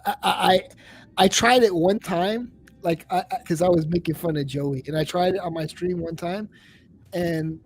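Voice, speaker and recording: Husky man, livestream host, rambling profane chat over faint music. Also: high-pitched. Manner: profane, rambling, animated storytelling. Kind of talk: casual chat.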